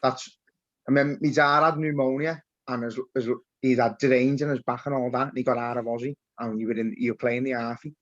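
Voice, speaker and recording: Podcast host, animated and sweary storyteller, middle pitch, dry lo-fi recording. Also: male voice, brisk, no echo. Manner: animated storyteller, swears, calls people "lad". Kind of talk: casual podcast chat. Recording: dull, dry lo-fi podcast audio.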